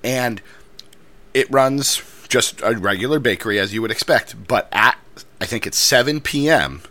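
A man chatting casually, reviewing a donut and telling a story in a measured, patient way. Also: medium pitch, bright, forceful tone, no room sound. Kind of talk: casual chat, food review.

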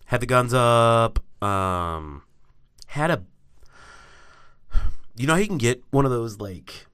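A man co-hosting a casual chat, telling animated, profane stories. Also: medium pitch, takes it slowly, clean tone, no echo. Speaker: podcast co-host.

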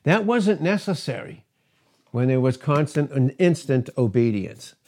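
A man's voice: mid-range voice, lively intonation, a little slow, dark tone, slight background noise. A man preaching a sermon, emphatic, who repeats words for stress and asks rhetorical questions. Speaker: pastor.

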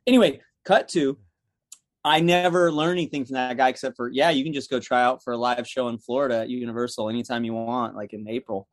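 A young man telling stories in a casual chat, animated, acting out the people he quotes. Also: mid-range voice, fast, dry recording, studio quality. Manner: animated, acts out quotes in other voices.

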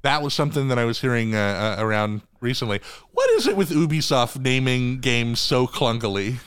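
Guy cohosting a podcast, smooth clear voice, jokey and rambly, dry close sound. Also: medium pitch, animated, fairly quick, fairly bright tone, dry recording. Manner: joking, rambling, swears casually. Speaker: podcast co-host. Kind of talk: casual chat.

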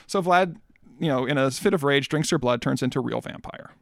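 Man, podcast co-host, gravelly voice, dry close sound, swearing, rambling retelling. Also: mid-range voice, brisk, no room sound. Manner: profane, loose storytelling with many fillers and restarts. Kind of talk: casual chat, rambling plot retelling.

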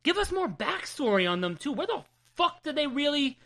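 A young man with a New Jersey accent co-hosting a comic book podcast in casual, animated chat, teasing his co-host and swearing freely. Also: very high voice, moderate pace, vocal fry.

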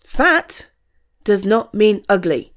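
A woman's voice: medium pitch, sing-song, slow. A woman playing a young woman's blunt best friend in a one-sided audio role-play, swearing freely and giving frank tough love. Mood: blunt caring. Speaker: friend talking to the listener.

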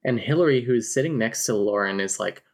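A man's voice: medium pitch, expressive, a little fast, gravelly. Wry man recapping a story. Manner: wry, reads book quotes aloud, swears casually. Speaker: podcast co-host. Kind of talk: casual book recap chat.

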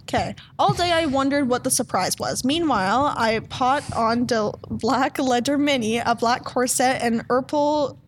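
A high-pitched woman reads a fan fiction aloud for laughs, dramatizing the lines and dissolving into giggles between them. A faint hiss of noise sits under her voice. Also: a little slow, hardly any pauses. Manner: giggly, breaks into laughter often. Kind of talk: comedic dramatic reading.

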